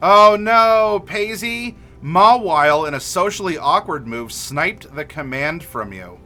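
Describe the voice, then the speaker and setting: A male streamer talks casually to his chat, rambling and full of filler words. His voice sits a bit high and sounds bright and forceful. Faint music plays under him. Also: animated, measured pace. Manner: rambling, reads chat messages aloud with many fillers.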